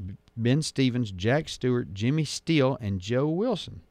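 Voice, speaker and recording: A man's voice: mid-range voice, expressive, normal speed, darkish tone, no echo. A man hosting a casual call-in radio show, rambling through jokes and stories. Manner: rambling storyteller, joking. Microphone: studio microphone.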